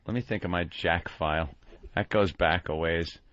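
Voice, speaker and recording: A man's voice: low voice, normal speed, a bit bright, no room sound. A man hosting a radio show, teasing his guests in casual banter. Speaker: radio host. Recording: dry, dull lo-fi radio sound.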